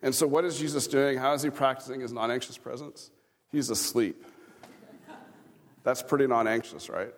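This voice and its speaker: A man's voice: medium pitch, steady tone, moderate pace, pauses often. A man, a pastor preaching a conversational sermon with chuckling asides and questions to the congregation. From Kansas. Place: church sanctuary. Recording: reverberant church hall.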